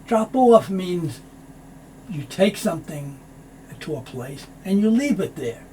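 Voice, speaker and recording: A man teaching English pronunciation, explaining slowly and repeating phrases to show how they sound. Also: high-pitched, big pitch swings, warm tone, slight background noise. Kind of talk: pronunciation lesson.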